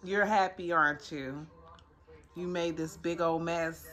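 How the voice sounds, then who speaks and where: A woman's voice: lowish voice, fairly even intonation, a little slow, fairly bright tone. Woman playfully scolding her dog. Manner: playful scolding, baby talk to a pet; informal, colloquial grammar. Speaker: vlogger. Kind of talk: casual home vlog, talking to her dog. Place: home, indoors.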